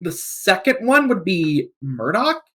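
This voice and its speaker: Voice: mid-range voice, sing-song, slow, a bit bright, slightly rough. A guest voice narrator telling stories animatedly in casual podcast chat, laughing often.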